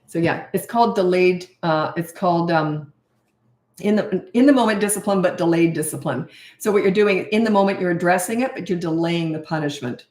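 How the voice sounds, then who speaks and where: A woman's voice: on the low side, brisk, darkish tone. A middle-aged woman giving parenting advice in a casual, blunt way, acting out the dialogue she quotes. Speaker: parenting coach. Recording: echoey room.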